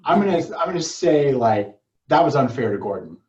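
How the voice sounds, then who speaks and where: A man hosting a casual film review podcast, talking in a chatty, quick way full of fillers. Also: medium pitch, big pitch swings, darkish tone, reverberant, highs cut off, slight background noise. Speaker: podcast host.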